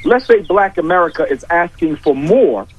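A man's voice: fairly high pitch, lively intonation, moderate pace, husky. A man arguing his points emphatically on a talk show, repeating key lines for weight. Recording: dull, dry lo-fi audio.

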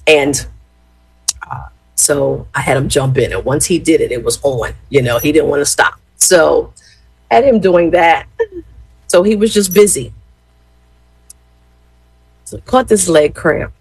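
A woman's voice: deep voice, a little slow, creaky, pauses often, husky, no echo, rough recording. A woman in her fifties telling a rambling family story to her viewers, chatty, with lots of fillers and "y'all". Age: 50s. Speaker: former gospel radio host.

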